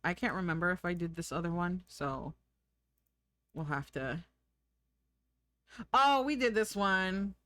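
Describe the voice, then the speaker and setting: A woman's voice: lowish voice, animated, measured pace, long pauses, fairly bright tone, dry recording, studio quality. An American woman streaming live, chatting casually, giggling and thinking aloud.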